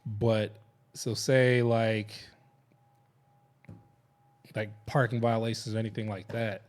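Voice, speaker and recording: A man's voice: on the low side, little pitch movement, takes it slowly. A man hosting a podcast, telling stories in a loose, rambling way with many restarts. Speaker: podcast host. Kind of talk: casual chat.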